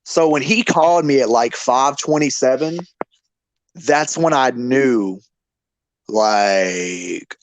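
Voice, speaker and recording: A man's voice: medium pitch, slow, no room sound. A man giving an emotional memorial tribute to a friend in casual, repetitive talk, his voice breaking with grief. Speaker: memorial speaker.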